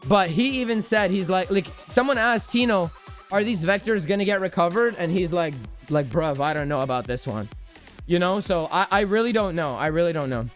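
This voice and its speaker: A man's voice: high voice, brisk, soft background music. A man streaming about crypto trading, answering viewer questions in a loose, joking, self-deprecating way with many restarts. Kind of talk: casual livestream chat answering viewer questions.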